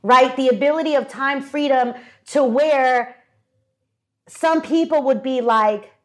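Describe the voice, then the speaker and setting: High-pitched woman on a podcast telling a story, doing everyone's voices. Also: slow pace. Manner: animated, acts out quoted voices. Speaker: podcast co-host. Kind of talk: casual storytelling chat. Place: studio with audience.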